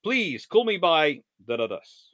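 A man's voice: a little high, big pitch swings, measured pace, fairly bright tone, no echo, clean studio sound. A man voicing a courteous male French ministry secretary who greets an admiral in a formal, formulaic way. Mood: politely formal.

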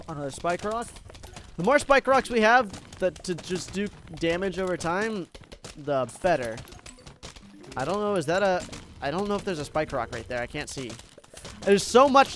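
Excitable young man narrating gameplay. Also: on the high side. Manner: excitable, talks to viewers as "guys", swings from hype to gloom. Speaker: gaming YouTuber. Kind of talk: casual gameplay commentary.

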